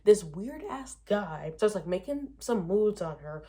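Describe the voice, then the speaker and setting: A woman chatting casually on her vlog about a romance book, animated and talkative, full of fillers and exasperated asides. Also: medium pitch, unhurried, breathy edge. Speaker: book vlogger. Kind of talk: casual book review chat.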